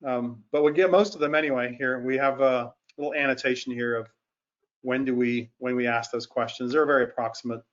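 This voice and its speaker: A man on staff explaining things on a video call, unhurried and hesitant with lots of fillers. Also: mid-range voice, fairly even intonation. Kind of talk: casual call chat. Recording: muffled call audio.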